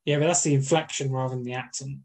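A man's voice: mid-range voice, fairly even intonation, quick pace, vocal fry, a little mellow. A man co-hosting a podcast in casual chat, joking and swearing casually. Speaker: podcast co-host.

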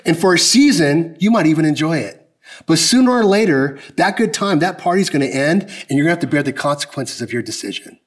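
Man, high voice, pastor, emphatic, conversational sermon, asks the crowd questions. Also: lively intonation, fairly quick. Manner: conversational, emphatic preaching with direct questions to the congregation.

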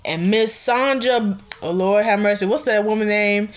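A young woman hosting a casual radio show, chatting in an animated, excitable way and laughing often. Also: mid-range voice, normal speed, a little hiss or hum. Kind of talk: casual chat.

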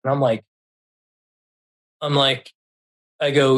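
A man telling a personal story in casual speech, often stopping to repeat words or restart a sentence, with a louder voice when quoting others and a very soft one for soothing lines. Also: mid-range voice, steady tone, slow, pauses often. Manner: quotes others in a raised voice and drops very quiet for soothing lines.

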